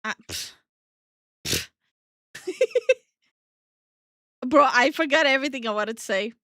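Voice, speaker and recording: A woman co-hosting a casual reaction stream, ranting in an exasperated, animated way. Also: high-pitched, slow pace, dry recording, studio quality. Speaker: VTuber co-host.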